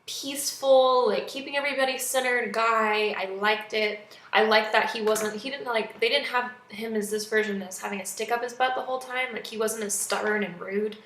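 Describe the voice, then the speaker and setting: Young woman, casual vlog reviewer, chatty and animated, bright voice, echoey room. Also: fairly high pitch, normal speed. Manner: chatty, animated, acts out quotes. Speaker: movie reviewer.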